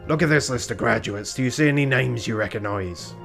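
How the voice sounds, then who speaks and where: A man voicing a stern male rooster police inspector with a pirate voice, speaking slowly and gravely. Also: mid-range voice, a bit bright, faint music behind.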